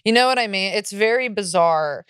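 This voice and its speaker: A woman co-hosting a casual chat podcast who talks in an animated, profane way and mocks people with quick impressions. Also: medium pitch, clean tone, no room sound, clean studio sound. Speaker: podcast co-host. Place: Los Angeles.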